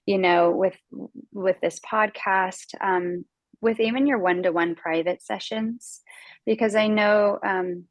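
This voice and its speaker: A woman's voice: medium pitch, steady tone, slow, no echo, poor audio. An earnest American woman talks at length as a podcast guest, circling back with fillers and restarts as she tells her story. Her voice sits mid-range and the recording is dry and close. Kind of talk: casual conversation.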